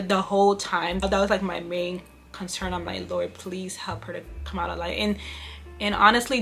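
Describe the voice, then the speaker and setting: A woman's voice: medium pitch, fairly bright tone. Young woman telling an emotional story. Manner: emotional, repeats "you guys" and "you know" often. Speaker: vlogger. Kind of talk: casual storytelling to camera.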